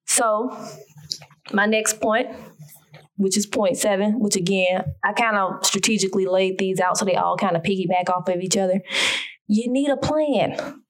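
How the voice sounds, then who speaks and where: A woman with a country Southern American accent talks through her own podcast episode. Her manner is folksy and emphatic, with a preachy streak. Her voice sits at an ordinary middle pitch. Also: normal speed. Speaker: podcast host. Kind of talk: casual solo podcast talk.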